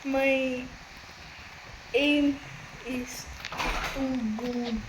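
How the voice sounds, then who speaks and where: Woman gamer, high voice, unhurried delivery, excitable, broken grammar, noisy home recording. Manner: excitable, laughs and exclaims, talks to viewers as "guys". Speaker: gamer narrating her own play. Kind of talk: casual gameplay commentary.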